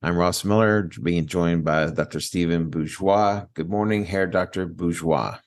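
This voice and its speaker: A man with a very low voice co-hosts a relaxed podcast, trading jokes and laughing at his own expense. He talks into a studio microphone. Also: measured pace. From Maryland, USA. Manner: self-deprecating, joking, laughs often. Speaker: podcast co-host. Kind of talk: casual podcast banter. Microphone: studio microphone with headphones.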